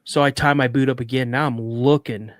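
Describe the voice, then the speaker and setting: Brief: male talk show guest, dramatic storyteller, stammers, mid pitch, dry sound. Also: steady tone, a little fast, no room sound. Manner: vivid, dramatic retelling with stammered restarts.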